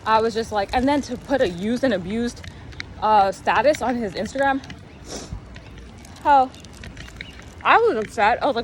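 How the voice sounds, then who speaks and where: A young woman vlogger telling a casual storytime rant, animated and exasperated, rambling with many fillers. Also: fairly high pitch, normal speed, pauses often, a little hiss or hum, rough recording.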